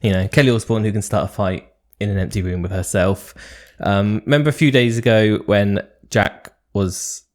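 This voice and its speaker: A man's voice: on the low side, normal speed, few pauses, darkish tone. Dry-witted man co-hosting a podcast. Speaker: podcast co-host. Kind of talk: casual chat.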